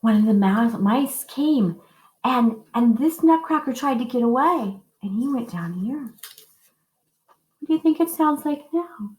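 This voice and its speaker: An animated, slightly mellow-voiced music teacher shares a story with young kids and guides them through easy call-and-response songs. She stays slow, sing-song and encouraging, demonstrating high and low notes, in a classroom with noticeable echo.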